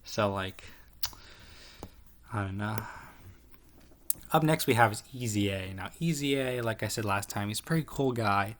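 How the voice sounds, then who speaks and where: A man's voice: fairly low pitch, animated, measured pace, pauses often, fairly bright tone, slight background noise. Give me a rambling, profane guy ranking his online friends. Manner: rambling, profane, lots of fillers and restarts. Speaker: tier list commentator. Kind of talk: casual profane commentary.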